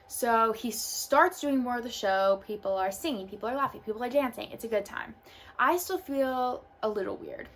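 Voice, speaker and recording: A woman's voice: fairly high pitch, very animated, normal speed, fairly bright tone. A young woman telling a personal story in a casual vlog, full of "like" and loose asides. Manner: casual, filler-heavy storytelling. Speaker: vlogger. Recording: faint background noise.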